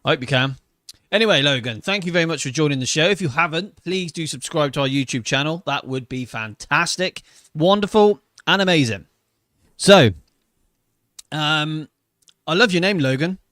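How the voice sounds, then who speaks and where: A man's voice: fairly high pitch, moderate pace, a bit bright, no room sound, studio quality. A man, hosting a casual wrestling podcast. He talks with enthusiasm and emotion and swears freely. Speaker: podcast host. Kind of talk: casual wrestling review chat.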